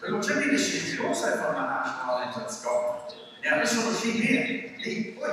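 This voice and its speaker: A man's voice: medium pitch, very animated, brisk. A man presenting a live farm show on stage, joking with the audience and the animals. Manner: jokey, banters with the crowd and sheep. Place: large indoor show arena. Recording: distant, echoey hall with crowd.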